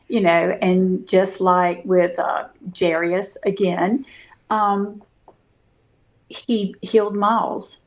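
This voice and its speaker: A woman guest telling a personal story in casual interview talk, earnest and full of fillers and restarts. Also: mid-range voice.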